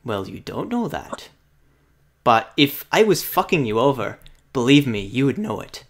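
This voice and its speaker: A man playing a creaky, blunt half-orc mercenary. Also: mid-range voice, big pitch swings, measured pace. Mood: intimidating. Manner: firm, bargaining, threatening undertone. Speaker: player. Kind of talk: in-character tabletop role-play.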